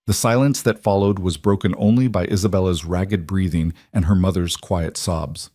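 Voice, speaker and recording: Male narrator, low voice, dry close sound, measured scripted story reading. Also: steady tone, mellow, no room sound.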